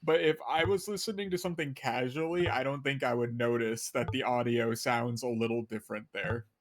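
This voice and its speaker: A man's voice: mid-range voice, steady tone, a little fast, dry recording, clean studio sound. A man chatting casually on a stream, rambling with lots of fillers and restarts. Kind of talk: casual chat.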